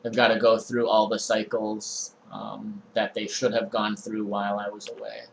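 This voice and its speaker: A young man streaming a game, talking through his inventory in a relaxed, meandering way with frequent ums and uhs. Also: lowish voice, normal speed, vocal fry, slight background noise, rough recording. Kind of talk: casual let's-play commentary.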